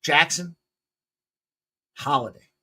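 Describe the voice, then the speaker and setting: A man hosting a sports betting picks show, talking casually in a loose, jokey way with bursts of loud excitement. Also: a little high, takes it slowly.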